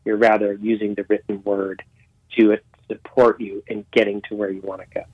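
A man's voice: lowish voice, flat delivery, moderate pace, breathy edge, dry recording, highs cut off. A man speaking as a guest life coach, earnest and encouraging as he gives advice. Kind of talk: casual interview.

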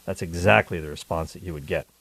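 A man's voice: low-pitched, quick pace, gravelly, a bit bright, breathy edge, no room sound. A man hosting a call-in radio talk show, chatty and joking with his listeners. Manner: chatty, jokey, upbeat.

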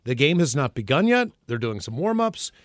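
An energetic male podcast co-host who tells stories in a casual way and often trips over and repeats his words. His pitch jumps around a lot. The voice sounds dry and close to the mic. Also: moderate pace, dry recording. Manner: energetic, stumbles and repeats words when excited. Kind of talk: casual storytelling chat.

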